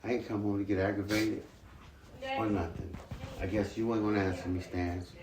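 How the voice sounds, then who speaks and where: Man, very deep voice, earnest, repetitive, father talking to sons, distant, roomy echo. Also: flat delivery, normal speed, a crowd in the background. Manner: earnest, repetitive, plain-spoken. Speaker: father speaking to his sons. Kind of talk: home family talk, lecturing and apologizing. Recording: echoey room, far from the mic, faint hiss.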